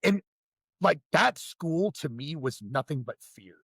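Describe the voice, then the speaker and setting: A man with a gravelly, husky voice speaks as a podcast guest, swearing freely and talking bluntly. His voice sits fairly high for a man, and the recording is dry and close. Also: expressive, takes it slowly, a bit bright, dry recording. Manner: blunt, profane storytelling. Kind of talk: casual conversation.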